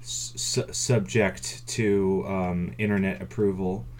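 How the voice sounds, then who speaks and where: A man's voice: low-pitched, fairly even intonation, takes it slowly, darkish tone, a little hiss or hum. A man co-hosting a casual gaming podcast, hesitant and self-mocking, stumbling over his words. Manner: hesitant, lots of fillers and restarts, self-mocking. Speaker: podcast co-host.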